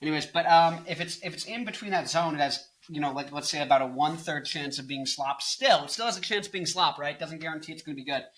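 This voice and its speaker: A young man in his twenties talks through music commentary in a loose, rambling way, cracking jokes and drifting off topic. His voice is bright and forceful and sits a little high for a man. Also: fast talker, hardly any pauses. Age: 20s. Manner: jokey, rambling, goofs off into silly bits. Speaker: music video host.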